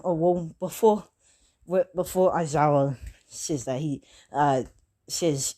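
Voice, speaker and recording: A woman's voice: low-pitched, slow pace, mellow. A woman improvising a fan story aloud, rambling with many fillers and self-corrections.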